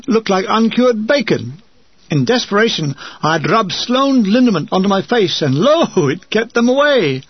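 Husky, high-pitched man reading wryly. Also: no room sound. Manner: wry, deadpan humor. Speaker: narrator reading a war memoir. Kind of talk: first-person memoir reading. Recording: dull lo-fi recording.

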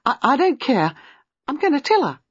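A reader voicing an impulsive young wife who speaks breathlessly. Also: female voice, medium pitch, moderate pace, a little mellow, no room sound, highs cut off, pitched above the performer's own voice, close to an everyday voice.

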